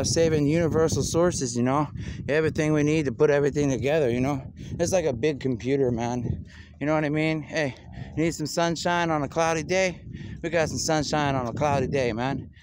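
A man's voice: fairly high pitch, noisy background. A man talking in a rambling monologue over footage, drifting between topics with wordplay and filling his talk with "man" and "you know".

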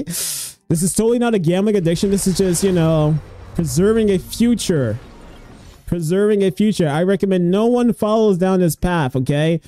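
A young man streaming his gacha pulls, excitable and swearing, pleading and groaning at each result. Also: sits high, moderate pace, faint music behind. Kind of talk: gacha pull reaction stream.

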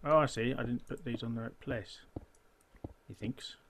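A man's voice: medium pitch, moderate pace, vocal fry, a bit bright. A man giving casual gameplay commentary as a channel host, muttering to himself and counting blocks under his breath.

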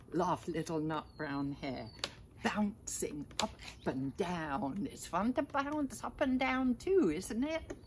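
Older woman, storybook reader for kids, gentle, unhurried, sing-song pitch. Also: lively intonation, a little hiss or hum. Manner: gentle, asks listeners little questions. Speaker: storyteller grandmother. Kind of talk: reading a picture book aloud to children.

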